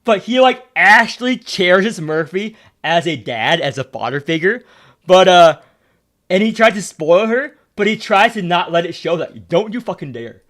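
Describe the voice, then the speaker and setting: A man's voice: sits high, expressive, moderate pace, a bit bright. A young man streaming a game, ranting in a blunt, profane, repetitive way. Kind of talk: casual stream commentary.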